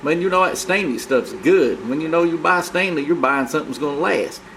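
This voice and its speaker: A brash male monkey puppet with a high, crude drawl, as a man puts him on. He rambles and boasts as the show's host in comic puppet banter. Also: animated, fairly quick, fairly bright tone, slight background noise, rough recording. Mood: rambling.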